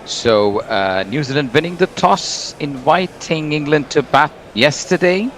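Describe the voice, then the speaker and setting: A man's voice: a little high, lively intonation, a little slow, a bit bright, slight background noise. A man opening his cricket commentary stint with friendly greetings, then summing up the match so far. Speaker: commentator taking over the stream.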